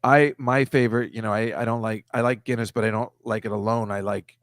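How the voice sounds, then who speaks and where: A man co-hosting a casual comedy chat, friendly and rambling with quick laughs. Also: fairly low pitch, fairly even intonation, no room sound, studio quality. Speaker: co-host.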